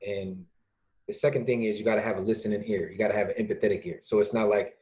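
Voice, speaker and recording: A man from Illinois, a podcast guest and youth mentor, talking casually and acting out quoted dialogue with lively changes of voice. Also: lowish voice, quick pace. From Lake County, Illinois, USA. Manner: lively storyteller who acts out quoted dialogue. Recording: dull lo-fi recording.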